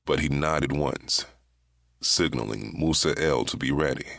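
Very deep gravelly male narrator. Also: a little slow, a bit bright, no room sound, studio quality. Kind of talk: audiobook narration.

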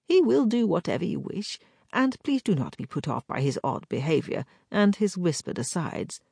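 A woman reading the part of a flattering, scheming gentleman captain in an audiobook, with polished, courtly manners. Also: fairly low pitch, normal speed, gravelly, slightly rough, dry recording, clean studio sound, exaggerated voice. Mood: smooth scheming. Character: charming smooth-talking gentleman captain, scheming. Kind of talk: audiobook character voice.

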